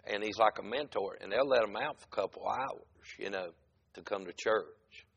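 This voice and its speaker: A preacher delivering a humorous sermon, telling folksy stories and dropping "amen" between lines. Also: male voice, lowish voice, moderate pace, gravelly, husky, muffled recording. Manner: peppers talk with "amen", folksy storyteller.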